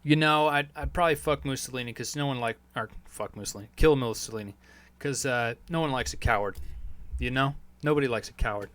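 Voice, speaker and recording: A man's voice: medium pitch, a little fast, a bit bright, dry recording. A man hosting a podcast, answering listener questions in a loose monologue that is profane and full of fillers. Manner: rambling, profane, heavy on fillers. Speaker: podcast host.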